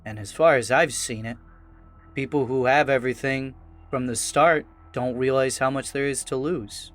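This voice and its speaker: A man voicing a once-timid young male vampire who speaks softly and deliberately, with a quiet menace. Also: mid-range voice, steady tone, soft background music, close to an everyday voice. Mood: cold. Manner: soft, hushed, deliberate.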